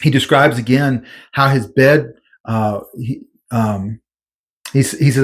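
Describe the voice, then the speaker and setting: A man's voice: mid-range voice, steady tone, moderate pace. A man giving conversational Bible commentary in an earnest, informal way, with many fillers and restarts.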